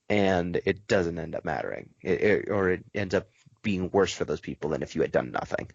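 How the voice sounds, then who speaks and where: A man with a low voice hosts a casual podcast and tells stories in a quick, animated way. The recording is dry and slightly muffled. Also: vocal fry, no room sound. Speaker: podcast host.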